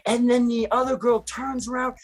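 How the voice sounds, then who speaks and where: A man in a casual video-call interview, chatting in an animated way, full of fillers and slang. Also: very high-pitched, normal speed. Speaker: actor interviewed about his career.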